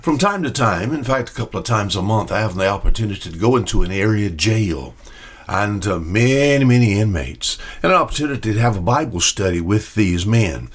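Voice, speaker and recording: A man's voice: lowish voice, sing-song, a little fast. An older man giving a short radio Bible talk as preacher, folksy, often repeating questions and answering imagined listeners.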